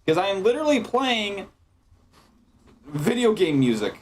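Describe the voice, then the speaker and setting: A man running a tabletop game as game master, narrating outcomes dryly and deadpan. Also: sits high, measured pace, slight background noise.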